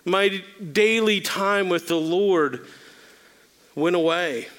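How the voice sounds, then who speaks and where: High-voiced man preaching a candid sermon. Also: slow pace, fairly bright tone. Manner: candid, self-deprecating storytelling. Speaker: pastor. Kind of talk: sermon-style talk.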